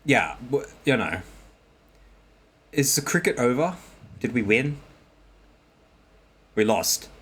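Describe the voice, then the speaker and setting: Lively, jokey male podcast co-host. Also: mid-range voice, slow, pauses often, breathy edge. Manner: jokey, playful, trails off with fillers. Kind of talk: casual banter. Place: abroad in Korea, calling in remotely.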